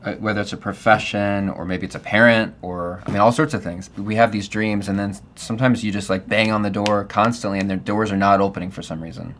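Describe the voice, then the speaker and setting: A middle-aged man with a low voice hosts a relaxed podcast interview. He backs his guest often with short affirmations and muses aloud in a conversational way. A light hiss runs under the recording. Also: fairly quick, few pauses. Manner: affirming, frequent "yeah", reflective. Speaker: podcast host. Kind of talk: casual interview.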